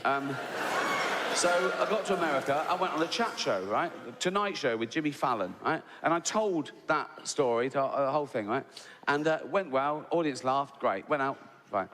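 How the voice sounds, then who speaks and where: A man's voice: fairly high pitch, moderate pace, slight background noise. A man doing stand-up comedy, telling a long story and mocking people with put-on voices. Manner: animated, mocking voices in quoted lines. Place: large theatre stage. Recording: live theatre with long reverb and loud crowd ambience.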